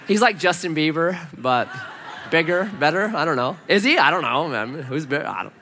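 A man's voice: on the high side, animated, normal speed, pushed and bright, a little hiss or hum. A man preaching a sermon, telling stories with humor and emphatic repetition. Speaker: pastor.

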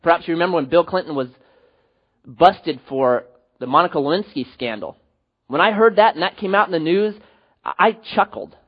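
A husky-voiced man delivers a sermon as a pastor, his voice sitting fairly high and swinging widely from loud emphatic peaks to quiet, low endings. The sound is dull and lo-fi. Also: lively intonation, a little fast.

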